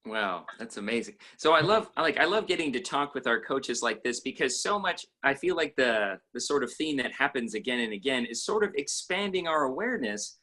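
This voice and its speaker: An upbeat male host with a bright, forceful voice at an ordinary pitch for a man. He talks eagerly, stacking up "like" as he promotes upcoming classes. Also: very animated, fairly quick, hardly any pauses. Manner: eager and upbeat, with many likes. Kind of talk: enthusiastic interview hosting.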